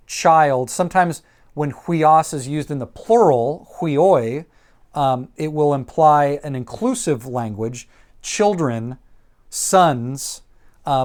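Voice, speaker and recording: A man teaches vocabulary in a measured, unhurried lecture. He repeats each term carefully and pauses often with ums as he explains. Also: fairly high pitch. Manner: slow and deliberate, repeats each word, frequent ums. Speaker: Greek teacher.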